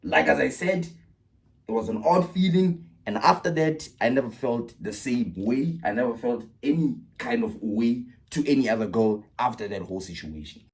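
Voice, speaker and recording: A young man telling a casual storytime vlog, animated and swinging from loud bursts to low mutters. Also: moderate pace, slight background noise.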